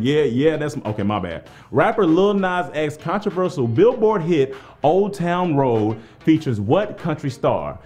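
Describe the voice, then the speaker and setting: A man's voice: fairly high pitch, very animated, measured pace, few pauses, darkish tone, soft background music. A man hosting a live trivia game, hyped up and playful, joking with the players between questions. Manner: hyped-up, playful, jokey, talks straight to the players. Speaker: trivia game show host.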